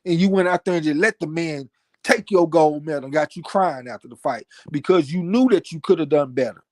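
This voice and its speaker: A man co-hosting a casual live-stream talk show, animated and profane, often repeating words as he gets worked up. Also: fairly high pitch, a little fast, no room sound, studio quality. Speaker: podcast co-host. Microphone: home mic on live stream, cutting out.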